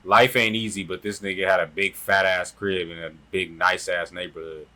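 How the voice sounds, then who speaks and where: A man's voice: low-pitched, level tone, moderate pace, bright, forceful tone. A man hosting a reaction video, giving blunt, profane casual commentary and laughing at the footage.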